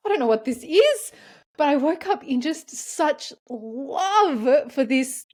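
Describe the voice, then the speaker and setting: A woman hosting a podcast, telling personal stories in casual conversation, open and emotional. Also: mid-range voice. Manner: open, emotional, animated storytelling. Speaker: podcast host.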